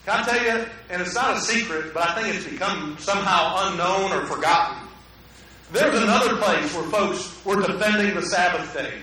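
A pastor preaching a sermon in a conversational way, often putting questions to the congregation, in a church sanctuary. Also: male voice, high-pitched, normal speed, pushed and bright, slight background noise. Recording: echoey hall, mic at a distance.

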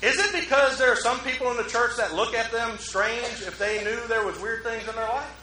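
A man preaching a relaxed, conversational sermon as pastor, joking at his own expense and drawing in the congregation. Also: very high voice, brisk. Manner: joking, self-mocking, talks with the congregation. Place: church. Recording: roomy hall echo.

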